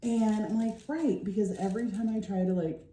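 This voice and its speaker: A woman's voice: mid-range voice, normal speed, dark tone, roomy sound. A middle-aged woman vlogger telling a rambling story while crafting, tired and yawning, with lots of fillers. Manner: rambling, chatty, with many fillers.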